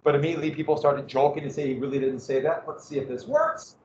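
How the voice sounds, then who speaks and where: Animated male lecturer in an echoey room. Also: fairly high pitch, quick pace, a little hiss or hum. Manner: animated, conversational, joking asides. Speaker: history lecturer. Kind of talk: classroom lecture. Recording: echoey room, dull lo-fi sound.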